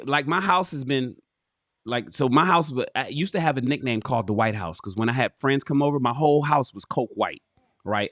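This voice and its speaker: A man hosting a casual livestream, reading a relationship book aloud and commenting to his viewers in an animated, swearing, buddy-to-buddy manner. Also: medium pitch, dry recording, studio quality. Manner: animated, swearing, addresses viewers as fellas and bro. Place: home.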